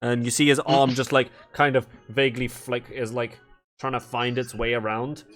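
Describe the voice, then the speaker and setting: A man's voice: medium pitch, level tone, normal speed, fairly bright tone, soft background music. Brief: a casual, rambling game master, a man narrating a fantasy session. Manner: casual, rambling with many fillers.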